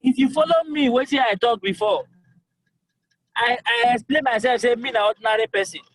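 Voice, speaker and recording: A man's voice: very high voice, fairly quick, a bit bright, no echo, poor audio. A young man with a Nigerian accent, a governorship aspirant answering voters in a call-in interview, talking emphatically and repeating himself to press his points. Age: young adult. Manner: emphatic, repetitive, pleading.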